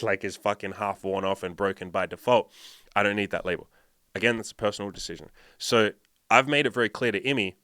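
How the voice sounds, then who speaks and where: A dating coach with a lowish, bright, forceful voice delivers a casual podcast monologue, blunt and emphatic and swearing heavily. The recording is studio quality with no echo.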